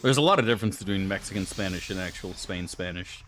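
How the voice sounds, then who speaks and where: A man's voice: deep voice, fast talker, fairly bright tone. A man casually commenting on his gameplay for viewers, joking and crude. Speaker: streamer.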